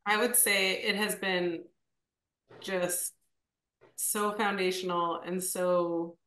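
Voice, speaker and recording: A woman's voice: on the low side, level tone, slow pace, pushed and bright. A woman coach speaking with heartfelt, emotional praise in an interview. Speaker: diet coach. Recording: echoey, distant from the mic.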